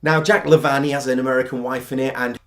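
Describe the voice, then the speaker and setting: A man's voice: mid-range voice, steady tone, fast talker, fairly bright tone. A man giving a casual, candid film review, chatty and sardonic in tone, with blunt asides.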